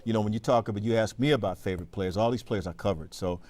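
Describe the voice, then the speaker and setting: A man's voice: on the low side, fast. A man chatting on a TV after-show in a laid-back, slangy way, reading out viewer comments. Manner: laid-back, slangy, warm to his co-host. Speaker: sports anchor. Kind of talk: casual on-air chat. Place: TV studio.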